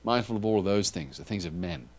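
Talking fast in a fairly low voice, a man delivers a sermon with a chatty, animated feel. He keeps restarting his thoughts and throwing in asides to the congregation.

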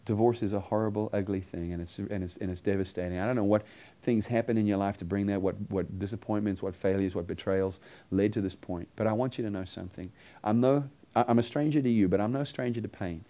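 A man's voice: fairly low pitch, quick pace, few pauses, warm tone. Man preaching an earnest story sermon. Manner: earnest storytelling, quoting dialogue.

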